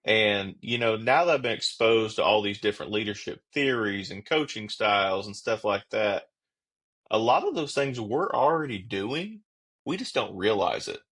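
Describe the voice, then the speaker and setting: A man who is a police officer and podcast guest, explaining his views in a steady, reflective way. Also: lowish voice, moderate pace, husky. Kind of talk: casual conversational interview.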